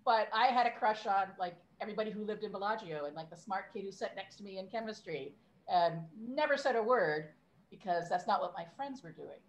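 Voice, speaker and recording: A woman's voice: mid-range voice, animated, a little fast, muffled recording. A woman in her fifties, a podcast guest, chatting casually and laughing at herself. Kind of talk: casual chat.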